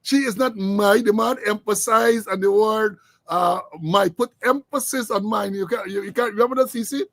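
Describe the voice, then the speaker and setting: A man's voice: high-pitched, steady tone, moderate pace, gravelly, few pauses, no echo. A middle-aged Guyanese man hosting a political commentary show, talking with sarcasm and mockery. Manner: sarcastic, mocking. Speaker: host.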